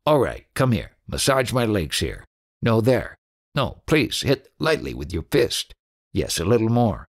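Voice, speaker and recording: A man's voice: on the low side, big pitch swings, measured pace, full character voice. A man voicing a scheming wandering holy man in an audiobook, bossy and cunning. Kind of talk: audiobook reading.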